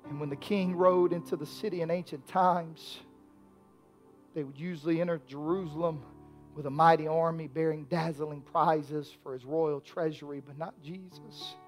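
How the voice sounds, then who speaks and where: A man preaching a sermon in a high, bright-toned voice, dropping to near whispers and then climbing into shouts. Faint instrumental music plays softly behind him. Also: steady tone, normal speed. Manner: preaching with swells from hushed to shouted. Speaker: pastor.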